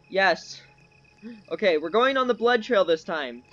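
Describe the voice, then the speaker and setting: Brief: high-pitched male gaming host, skittish horror-game commentary. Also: animated, measured pace, a bit bright, lo-fi sound. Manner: jumpy, easily scared, nervous laughs. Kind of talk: live commentary while playing.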